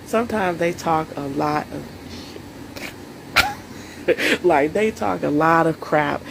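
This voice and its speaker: A woman's voice: deep voice, vocal fry, a little mellow, a little hiss or hum, low-quality recording. A woman coaching viewers on self-care in a solo live stream, earnest and emotional, speaking straight to her audience.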